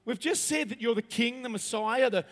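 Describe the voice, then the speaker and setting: His voice is very high-pitched and fairly bright, moving at a moderate pace. He preaches a conversational, humorous sermon, putting questions to his listeners. The recording carries a large hall's long reverb.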